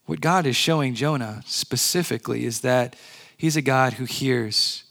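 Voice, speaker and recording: A male pastor preaching a sermon in a church, earnest, slowing and dropping to a hush on key words. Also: medium pitch, vocal fry.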